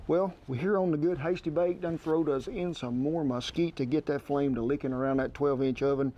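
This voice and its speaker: A man's voice: on the high side, warm tone, lo-fi sound. A man giving a cooking demonstration outdoors at a grill in a folksy, homespun way. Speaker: outdoor cook.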